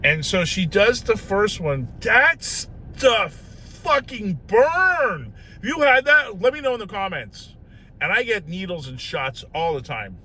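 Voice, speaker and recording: A man's voice: high-pitched, sing-song, normal speed, pushed and bright, a little hiss or hum. A man vlogging in a casual, self-mocking storytelling way, often tagging his lines with "right?".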